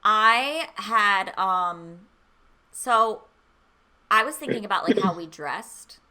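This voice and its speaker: A woman's voice: mid-range voice, expressive, slow pace, bright, forceful tone. A woman in her thirties co-hosting a casual chat stream, telling loose, swear-laced stories full of "like". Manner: loose storytelling, swears freely, lots of "like". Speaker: streamer co-host.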